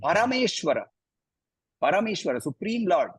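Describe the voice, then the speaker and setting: A man with an Indian English accent teaching a scripture class, chanting verses slowly and then explaining them with lively emphasis. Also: sits high, breathy edge, no room sound, rough recording. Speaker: Gita teacher.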